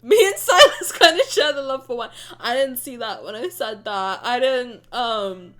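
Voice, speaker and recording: Bright, high-pitched giggly young woman streamer. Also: lively intonation, moderate pace, few pauses, faint music behind. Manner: giggly, teasing, blunt, swears freely. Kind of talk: casual live-stream reaction chat.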